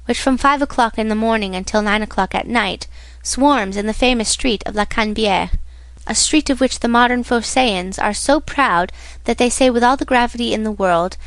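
A woman's voice: a little high, dry recording. Woman narrating an audiobook. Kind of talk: scripted narration.

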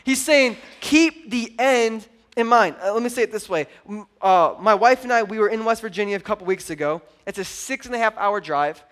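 A high-pitched pastor in his thirties delivers a sermon, telling stories with animated energy and acting out his daughter's voice. He speaks fairly quickly, dropping low and quiet, then surging loud and excited as he urges the crowd on.

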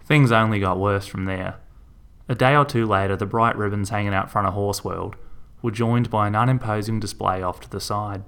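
A man reads a story aloud in a dry, steady manner. His voice sits lowish and even. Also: moderate pace, creaky, clear, resonant tone. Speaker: narrator.

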